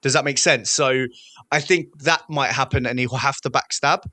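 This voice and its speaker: Male co-host, blunt and teasing, bright voice, dry sound. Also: medium pitch, fairly even intonation, normal speed, dry recording. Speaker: podcast co-host. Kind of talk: casual podcast chat.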